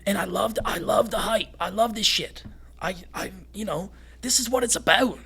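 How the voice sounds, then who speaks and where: Hyped-up young man with a bright voice. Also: high-pitched, gravelly, slightly rough. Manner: hyped, fast-talking, swears freely. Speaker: guest, fighter. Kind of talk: casual podcast conversation.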